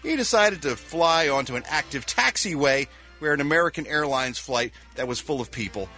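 A man's voice: on the high side, lively intonation, normal speed, sharp tone, faint music behind. A man reading entertainment news on a radio show with a dry, wry delivery. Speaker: showbiz news reporter on radio.

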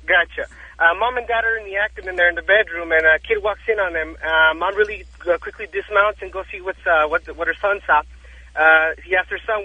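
High-voiced caller on a tinny phone line. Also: male voice, fairly even intonation, fairly quick. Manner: hesitant, many fillers.

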